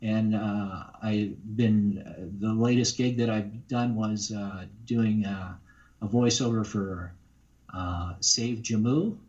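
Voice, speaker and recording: A man's voice: on the low side, fairly even intonation, slow, darkish tone. Rambling man, muffled. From Canada. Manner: rambling, many fillers and restarts. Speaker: guest voice actor. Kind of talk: casual interview chat.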